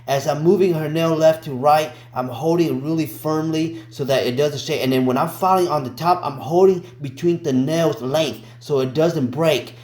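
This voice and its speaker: A man's voice: on the high side, a little mellow, reverberant. A man talking through a nail tutorial in a casual, slangy way, often calling viewers y'all and cracking teasing jokes. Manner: joking, teasing asides. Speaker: nail technician teaching.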